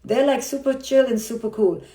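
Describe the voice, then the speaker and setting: A woman's voice: fairly high pitch, normal speed, mellow. A middle-aged woman psychologist giving a frank motivational talk on a live stream, blunt and emphatic, often checking in with her listeners. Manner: emphatic and blunt, keeps checking in with "okay?" and "right?". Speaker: psychologist and speaker. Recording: roomy echo.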